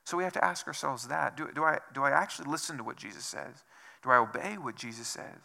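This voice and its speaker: A man's voice: mid-range voice, expressive, fast, vocal fry, bright, forceful tone. A man preaching a sermon as pastor, asking rhetorical questions over and over and dropping to a whisper for emphasis. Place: church.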